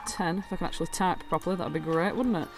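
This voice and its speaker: A woman's voice: lowish voice, very fast, soft background music. A woman acting as dungeon master, explaining the scene in a chatty way and correcting herself as she goes. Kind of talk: running a tabletop game.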